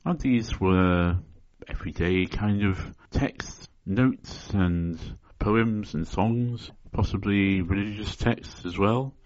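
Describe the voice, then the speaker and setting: A man hosting a podcast, explaining in a deadpan, mock-scholarly, tongue-in-cheek way. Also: deep voice, lo-fi sound. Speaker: podcast host. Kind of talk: solo spoken explainer.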